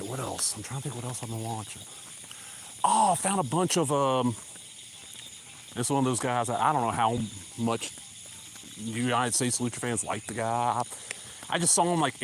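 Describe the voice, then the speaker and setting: A man with a Southern drawl chats loosely to viewers as he walks, slightly short of breath. His voice sits at an ordinary middle pitch. Faint insect and cricket sounds hum outdoors around him. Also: a little fast, low-quality recording. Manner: rambling, casual, drawling asides. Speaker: vlogger. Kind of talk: rambling live-stream chat while walking. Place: country road outdoors.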